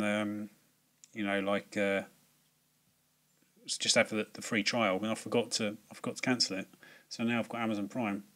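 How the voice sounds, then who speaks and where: A man's voice: medium pitch, a bit bright. A man giving a casual, rambling film review, full of fillers, restarts and swearing.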